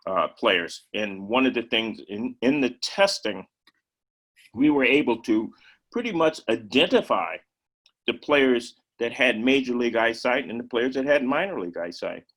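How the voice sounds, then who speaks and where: An older man talks through his coaching days in a loose interview. He often restarts, repeating words, and stops to clear his throat. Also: mid-range voice, animated, moderate pace, a bit bright, poor audio. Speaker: former major league player and coach. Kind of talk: conversational interview.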